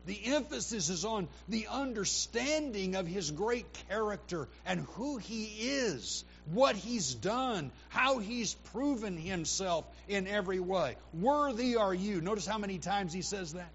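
Animated preacher, high voice, lo-fi. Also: male voice, measured pace, few pauses. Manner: animated preaching, rising to loud emphatic quotes. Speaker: pastor. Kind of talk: sermon. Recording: dull lo-fi recording with faint hum.

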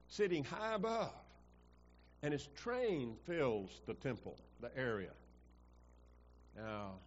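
A man's voice: mid-range voice, lo-fi sound, slight background noise. Man preaching with rhetorical questions. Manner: asks the congregation rhetorical questions, swelling for emphasis. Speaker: pastor. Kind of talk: sermon.

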